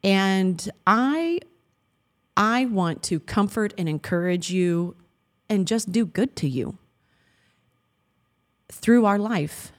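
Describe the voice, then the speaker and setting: A woman's voice: medium pitch, lively intonation, slow, pauses often. A woman in her thirties co-hosting a Christian marriage talk, speaking earnestly and affectionately and quoting scripture. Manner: earnest and affectionate, laughs often, quotes scripture. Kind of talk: heartfelt faith-based chat.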